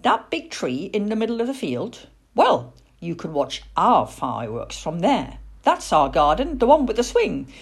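A woman's voice: mid-range voice, sing-song, moderate pace, vocal fry, husky, heavily acted. A woman reading a storybook and voicing an eager, chatty little boy. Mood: excited. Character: excited little human boy.

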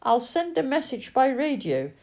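Give me a woman voicing a young boy in a read-aloud story, squeaky high and lively. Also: moderate pace. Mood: excited. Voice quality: high and loud. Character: young boy, anxious then overjoyed.

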